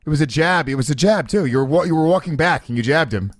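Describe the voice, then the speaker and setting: A man's voice: a little high, lively intonation, fast, dry recording, clean studio sound. A man co-hosting a podcast, reading out listener questions and trading teasing banter. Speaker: podcast co-host. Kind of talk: casual podcast chat.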